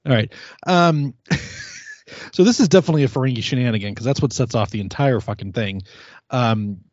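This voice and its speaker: Profane, animated man hosting a podcast. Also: medium pitch, normal speed, no room sound. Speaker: podcast host. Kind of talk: casual chat. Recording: dull lo-fi podcast audio.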